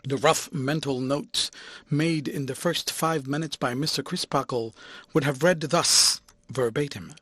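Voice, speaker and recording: A man reading a classic novel aloud as an audiobook, with lively, expressive narration. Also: mid-range voice, measured pace, husky, dry recording.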